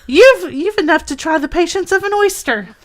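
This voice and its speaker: A woman voicing a snappish young female crab in a storybook reading, in a high, sharp voice. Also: expressive, moderate pace.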